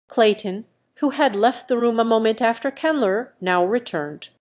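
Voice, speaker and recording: A synthetic woman's voice giving a scripted audiobook narration in a steady, even reading manner. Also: a little high, moderate pace, few pauses.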